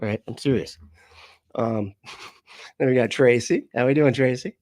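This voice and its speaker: A man's voice: mid-range voice, a little slow, a little mellow, dry recording, studio quality. A man hosting a casual livestream. He swears a lot, laughs often and talks straight to his viewers. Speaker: host.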